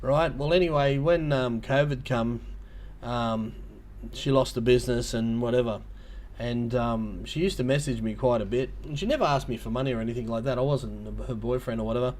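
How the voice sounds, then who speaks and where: An Australian man talks casually to his livestream viewers, his voice sitting at an ordinary middle pitch. He wanders through his stories with lots of ums and false starts. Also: normal speed, few pauses, a little mellow, a little hiss or hum. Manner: rambling storytelling with many ums and restarts. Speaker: livestream host.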